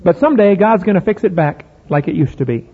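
Man, middle-aged preacher, folksy and emphatic, husky voice, phone-like sound, long hall reverb. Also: high voice, animated, quick pace. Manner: folksy, emphatic, rhetorical questions. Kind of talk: sermon.

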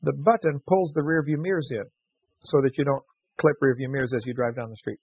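A man's voice: mid-range voice, steady tone, a little fast, slightly rough, no room sound. A man hosting a radio show, reading listener letters aloud and telling jokey stories with frequent laughs. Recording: dull lo-fi radio recording.

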